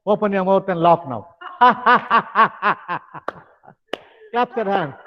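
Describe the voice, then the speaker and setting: Older man, Tamil accent, instructor, lecture, fillers, reverberant hall, muffled audio. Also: high-pitched. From India. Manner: instructive, tags many phrases with "now", hesitant fillers. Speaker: stress management instructor. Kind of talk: lecture with guided exercises. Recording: dull sound with long hall reverb.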